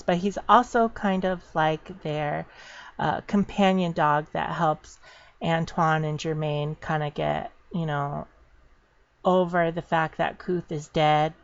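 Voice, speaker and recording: A woman's voice: on the low side, vocal fry, lo-fi sound. A woman hosting her channel, casually narrating game footage in a rambling way, full of fillers and restarts. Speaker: channel host. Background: wind chimes.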